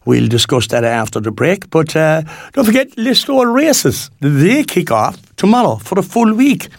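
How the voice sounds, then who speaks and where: A man's voice: fairly high pitch, big pitch swings, normal speed, no echo, studio quality. A Cork Irish man in his sixties presenting local radio in a rambling, folksy chat full of fillers and restarts. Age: 60s.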